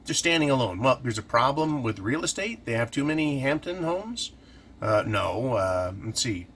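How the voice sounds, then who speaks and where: A man's voice: medium pitch, animated, normal speed, a bit bright, slight background noise. A man hosting a casual commentary, talking through his points by asking and answering his own questions. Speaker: host.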